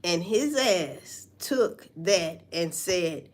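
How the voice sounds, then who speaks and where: Animated woman gossiping on a livestream. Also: on the low side, extremely slow. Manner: profane, animated gossip with mocking asides. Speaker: livestream host. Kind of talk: casual livestream commentary.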